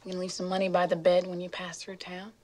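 A soft, guarded young woman in a film scene, played by an actress. Her voice sits low and hushed in the film audio. It is heard as a clip played into a podcast. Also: completely flat delivery, fast talker, natural voice. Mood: hurt.

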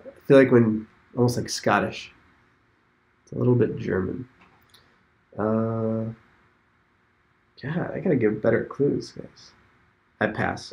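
A man's voice: on the low side, steady tone, slow pace, vocal fry, long pauses, a little mellow. A man hosting a casual online game session, thinking aloud and hesitating over his moves. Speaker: host. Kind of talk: casual commentary while playing an online game.

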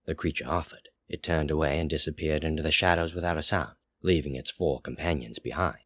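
Very deep-voiced man narrating a story. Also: fairly even intonation, a little fast, hardly any pauses, fairly bright tone, no echo, clean studio sound. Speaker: story reader. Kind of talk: audiobook narration.

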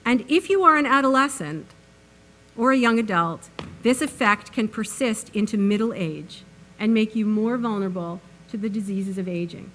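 A woman's voice: medium pitch, lively intonation, moderate pace, fairly bright tone, a little hiss or hum. A woman giving an academic public lecture in an earnest way, with many fillers and restarts, recorded on a microphone in a university lecture hall.

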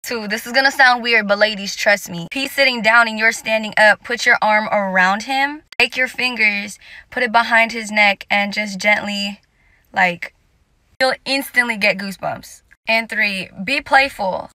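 Young woman w a bright higher voice, sassy dating tips, dry close sound. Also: no room sound. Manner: sassy, direct, calls listeners sis. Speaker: dating advice TikToker. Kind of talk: casual advice to camera.

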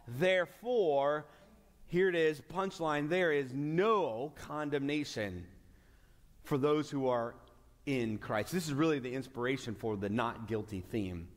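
A man's voice: mid-range voice, animated, moderate pace. A man preaching a sermon as pastor, earnest, often restarting and stretching out key words for emphasis. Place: church sanctuary. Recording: long hall reverb.

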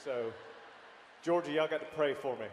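A man's voice: on the high side, normal speed, slight background noise. A man in a band tells rambling, good-humored stories to the audience between songs. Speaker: band member. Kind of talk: live stage banter. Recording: echoey live stadium.

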